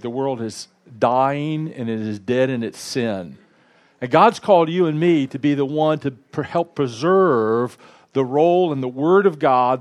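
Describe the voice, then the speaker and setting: A man preaching a sermon in a lively, conversational way, with asides to the congregation. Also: fairly high pitch. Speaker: pastor.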